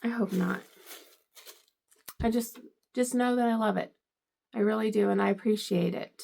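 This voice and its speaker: A woman's voice: mid-range voice, normal speed, vocal fry, mellow. A middle-aged woman vlogger unboxing gifts, gushing and teary with emotion. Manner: gushing, emotional, tearful at times. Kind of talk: casual unboxing vlog.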